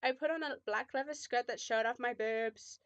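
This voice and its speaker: A woman's voice: a little high, normal speed, a bit bright, no room sound. A young woman reading a fan fiction aloud with mock drama, often breaking off to make sarcastic remarks.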